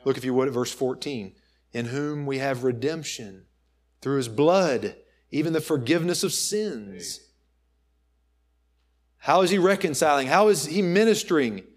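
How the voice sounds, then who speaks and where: Male preacher, mid-pitched voice, emphatic pulpit delivery rising loud and dropping soft. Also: expressive. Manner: emphatic preaching, swinging between loud and soft, slows to stress. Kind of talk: sermon. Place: church.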